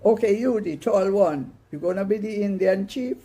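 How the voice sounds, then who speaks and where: A woman voicing an excited young boy who bosses his friends around in a cowboy game, in a read-aloud story. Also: medium pitch, normal speed, slightly rough, voice pushed up. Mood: eager. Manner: bossy, eager.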